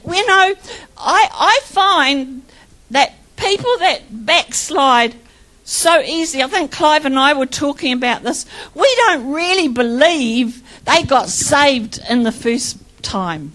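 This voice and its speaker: A woman's voice: sits high, animated, takes it slowly, sharp tone, poor audio. An older woman sharing her personal faith testimony in a fervent, chatty way, laughing often and acting out quotes as she tells her story. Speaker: church member sharing testimony.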